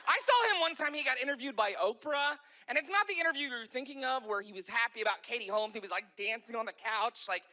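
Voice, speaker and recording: A male stand-up comedian telling jokes in an animated way, often acting out voices. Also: extremely high pitch, quick pace, few pauses.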